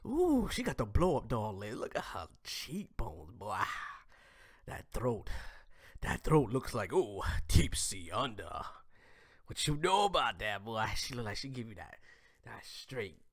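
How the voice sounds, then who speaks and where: A male host giving loose, joking reaction commentary from his home, his pitch swinging widely between loud and hushed. He teases constantly and drops into whispers for punchlines. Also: wildly swooping pitch, a little slow, no room sound, clean studio sound. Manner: crude, teasing, jokey commentary with sudden whispers.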